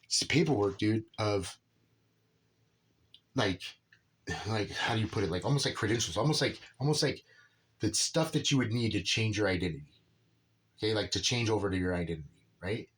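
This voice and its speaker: A man tells a personal story in a loose, rambling monologue, tossing in "right?" and "dude" constantly. His voice sits low and has a husky, slightly rough grain. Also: normal speed, pauses often, fairly bright tone. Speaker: father telling a personal story.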